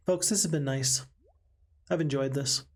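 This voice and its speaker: Male game streamer, slightly high husky voice, talkative, reads chat aloud, light background music. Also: slow pace. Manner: chatty, reads chat aloud, excitable outbursts. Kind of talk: live game commentary with chat.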